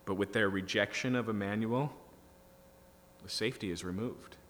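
A pastor explaining scripture line by line, building to emphatic bursts. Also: male voice, on the low side, normal speed, fairly bright tone. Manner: teaching, rising to emphatic bursts. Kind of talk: expository sermon. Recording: reverberant hall with faint hum.

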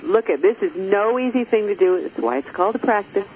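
A woman's voice: medium pitch, fairly quick. A woman hosting a conversational interview, talking emphatically and expressively and turning often to address her listeners directly. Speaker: host. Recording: muffled lo-fi audio with faint hiss.

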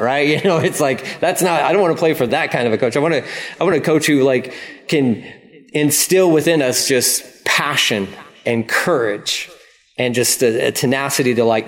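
Male pastor, conversational sermon delivery, mid-pitched voice. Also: normal speed. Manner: lively preaching, acts out God's voice in paraphrase.

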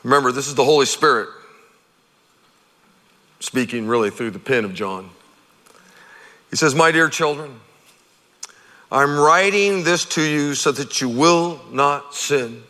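A middle-aged man preaching a sermon as pastor, conversational and animated, acting out quotes. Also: mid-range voice, a little slow, pauses often. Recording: long hall reverb.

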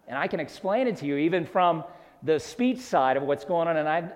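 A man from the American South preaching an expository sermon, earnest and explanatory, rising to emphatic peaks. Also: fairly high pitch. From Southern United States. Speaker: pastor. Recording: long hall reverb.

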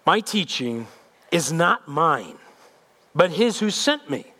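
A man voicing a calm, authoritative male teacher, measured and solemn. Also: fairly high pitch, full character voice.

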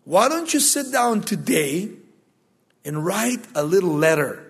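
A preacher voicing a scheming male tempter in a sly, coaxing, lowered voice. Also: big pitch swings, measured pace, vocal fry, a bit bright, slightly rough, heavily acted.

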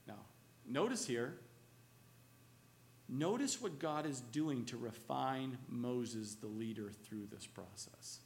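A male pastor preaching a sermon, asking the congregation questions and swinging between loud, emphatic lines and hushed, slow ones. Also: medium pitch, lively intonation, a little hiss or hum.

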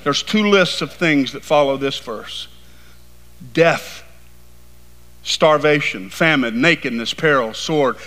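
A man preaching a sermon with passion, dropping to hushed tones and then building to emphatic, rising lines. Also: a little high, takes it slowly, long pauses. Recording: long hall reverb.

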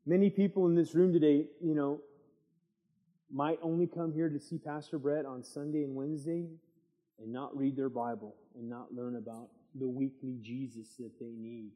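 A middle-aged man teaching a midweek church Bible study, preaching in a lively way and drawing amens from the room. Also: mid-range voice, normal speed. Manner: lively preaching with call-and-response asides. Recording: long church hall reverb.

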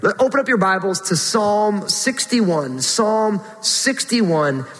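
High-voiced man preaching in a reverberant hall. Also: big pitch swings, slow, fairly bright tone, soft background music. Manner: earnest preaching, rising to a pleading pitch when voicing prayers. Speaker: pastor. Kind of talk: sermon.

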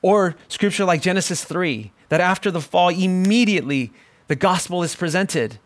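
A male pastor in his forties preaching a sermon, telling a personal story and moving between quiet, reflective passages and emphatic, rising exclamations. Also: fairly high pitch.

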